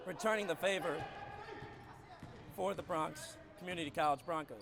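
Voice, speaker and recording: A man with a raspy, gravelly voice calls basketball play-by-play from a skybox, bursting into shouts on big plays. His voice sits a bit high for a man. Arena ambience and the bounce of a ball come through a noisy broadcast feed. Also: moderate pace. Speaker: play-by-play commentator.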